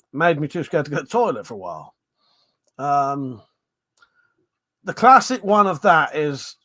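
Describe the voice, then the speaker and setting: Hosting a casual livestream, a man chats loosely and reads viewers' comments aloud, rambling, swearing freely and filling his talk with fillers and restarts. His voice is medium-pitched and a bit bright.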